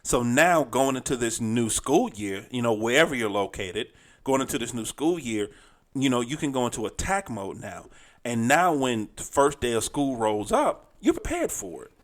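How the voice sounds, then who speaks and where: A man co-hosts a relaxed podcast with a voice of ordinary middle pitch. He talks in a loose, conversational way, teasing his co-host and repeating lines for emphasis. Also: moderate pace. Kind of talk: casual podcast chat.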